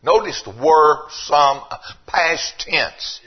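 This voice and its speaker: Husky older preacher man. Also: animated, measured pace, pauses often, dull audio. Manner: fervent preaching that swings from low and quiet to loud and emphatic. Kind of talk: sermon.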